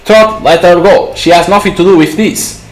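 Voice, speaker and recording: A man's voice: high voice, normal speed, roomy sound, faint music behind, voice pushed up, natural voice, rough recording. A man voicing an anxious, confused young man in a visual novel reading. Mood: urgent.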